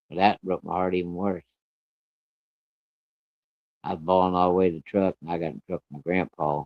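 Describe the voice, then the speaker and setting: A man with a low voice tells a personal story bluntly and plainly, swearing as he goes. The sound is dry and close, on a dull, lo-fi recording. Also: level tone, fairly quick, pauses often, no room sound. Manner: plain-spoken, blunt, cursing.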